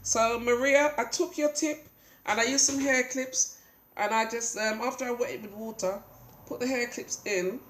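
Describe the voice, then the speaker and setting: Her pitch is fairly high and her tone steady, at an ordinary pace. She's a British vlogger with a cold doing a relaxed hair update at home, wandering off track with frequent ums, and the space sounds roomy.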